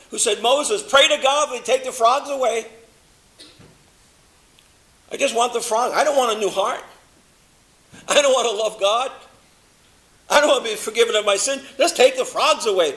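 High-voiced, bright man preaching. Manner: dramatic, swings from loud emphasis to low hushed delivery, slows for stress. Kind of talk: sermon.

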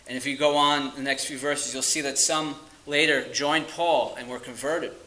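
A man preaching a sermon, earnest and emphatic, stressing key phrases slowly and dropping to quiet asides. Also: mid-range voice, steady tone, echoey room, poor audio.

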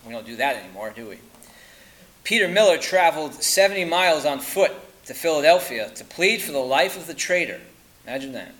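A man preaching a sermon, emphatic and insistent, firing rhetorical questions and dropping to quiet at the ends of lines. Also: a little high, animated, brisk, rough recording.

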